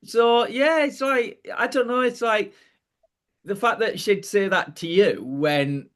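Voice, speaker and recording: High-voiced man, rambling chat. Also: slow pace, fairly bright tone. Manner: supportive, rambling, many restarts. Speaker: podcast co-host. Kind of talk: casual chat.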